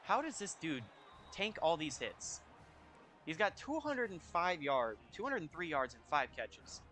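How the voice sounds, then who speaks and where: A young man giving casual, excitable commentary over a football video game, reacting out loud to each play. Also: on the high side, a little slow. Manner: excitable, reacting loudly to plays. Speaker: gaming YouTuber. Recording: faint music behind.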